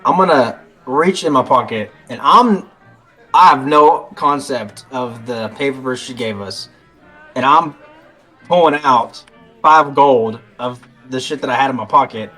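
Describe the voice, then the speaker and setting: A man's voice: medium pitch, unhurried, sharp tone, faint music behind. A man playing a tabletop game casually, joking and swearing loosely. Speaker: player.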